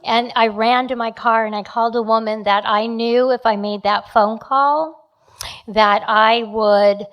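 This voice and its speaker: A woman's voice: a little high, fairly even intonation, unhurried, highs cut off. Middle-aged woman telling her recovery story at a meeting, lots of ums, restarts, candid and plainspoken. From New Jersey. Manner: candid, frequent fillers and restarts. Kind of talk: sharing a personal recovery story.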